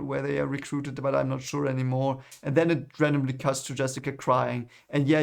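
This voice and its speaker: A man's voice: medium pitch, creaky. A man recapping a film in casual vlog talk, rambling and often stopping to correct himself and apologize. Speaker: film reviewer vlogger.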